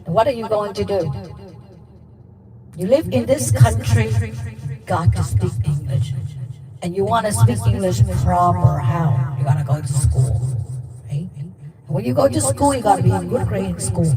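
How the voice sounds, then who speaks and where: Vietnamese-accented woman on a livestream, talks real slow and halting, repeats herself, mic kinda far off. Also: on the low side. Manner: halting, repeats words for emphasis. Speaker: livestream host. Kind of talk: personal storytelling on a livestream. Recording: distant mic with music behind.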